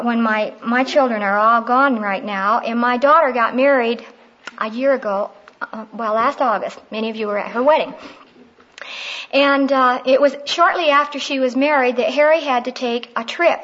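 A middle-aged woman speaks in a fairly high voice, teaching on prayer. She tells personal stories in a heartfelt, conversational way. The recording sounds dull and lo-fi. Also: moderate pace, a bit bright.

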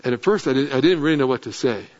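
A middle-aged male pastor telling a lively story in a sermon, then sinking into earnest, low, quiet appeals. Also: rapid-fire. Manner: animated anecdote, dropping to earnest low tones. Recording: dull lo-fi sound.

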